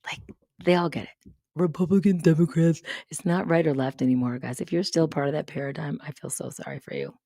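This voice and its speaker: Low raspy-fry lady rambling on her stream, sarcastic, cusses, goes off on tangents. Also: expressive, mellow, dry recording. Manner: sarcastic, swears a lot, rambling with quick asides. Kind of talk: casual live-stream monologue. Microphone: studio mic up close.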